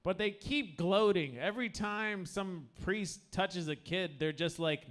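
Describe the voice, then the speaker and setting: A slightly drunk man rambles through a crude open-mic stand-up set, stumbling over his words and restarting sentences. His voice sits a bit high for a man. It sounds like a handheld stage mic in a small bar room. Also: unhurried, fairly bright tone. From United States. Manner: crude, rambling, self-interrupting. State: tipsy. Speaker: stand-up comedian.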